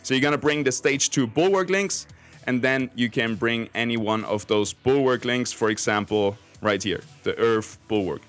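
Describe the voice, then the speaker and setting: A man's voice: medium pitch, normal speed, a bit bright, soft background music. A man hosting a casual game tutorial, explaining step by step in a chatty way. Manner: chatty, explains step by step with 'basically' and 'let's say'. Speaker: game guide creator and streamer.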